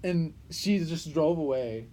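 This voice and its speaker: A young man co-hosting a podcast, chatting casually and telling stories with lots of swearing and loud acted-out quotes. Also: fairly high pitch, takes it slowly, rough recording. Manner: animated storyteller, swears freely, acts out quotes loudly. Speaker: podcast co-host. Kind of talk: casual chat.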